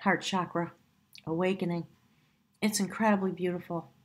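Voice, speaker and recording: A woman giving a spiritual tarot reading to camera, effusive and heartfelt, wandering between thoughts with soft fillers. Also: lowish voice, steady tone, moderate pace, slightly rough. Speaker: tarot reader.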